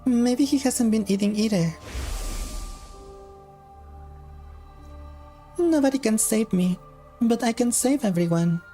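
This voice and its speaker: A man's voice: sits high, moderate pace, mellow, soft background music, pitched above the performer's own voice, close to an everyday voice. A man voicing an anxious, guilt-ridden young woman prisoner who stammers and sounds close to tears, reading game dialogue aloud. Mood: resolved. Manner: tearful, hesitant, stammering.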